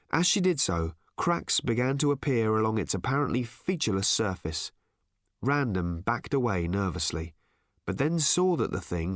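A man reading an audiobook with expressive, wry storytelling. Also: medium pitch, dry recording, studio quality. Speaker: audiobook narrator. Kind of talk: scripted narration.

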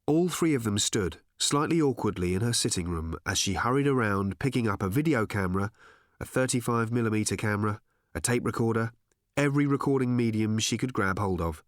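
A man narrating an audiobook with an expressive, dryly ironic reading. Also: fairly low pitch, a little fast, dry recording, studio quality.

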